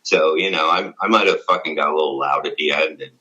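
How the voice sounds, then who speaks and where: Deep-voiced, profane New comedian. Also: male voice, fast talker, bright, forceful tone, highs cut off. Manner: blunt, profane, rambling with many "you know"s. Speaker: comedian guest. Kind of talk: casual interview storytelling.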